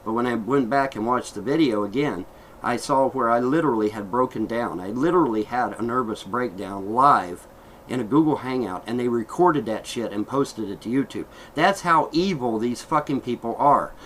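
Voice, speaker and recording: A man's voice: mid-range voice, expressive, moderate pace, a bit bright, slight background noise, low-quality recording. A middle-aged man vlogging an aggrieved, heated rant, swearing and repeating himself as he airs his complaints. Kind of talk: angry vlog rant.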